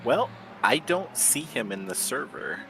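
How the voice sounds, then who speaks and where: A man asking questions as a co-commentator on an online racing stream, relaxed and casual. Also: mid-range voice, measured pace, creaky, over music. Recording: noisy stream audio.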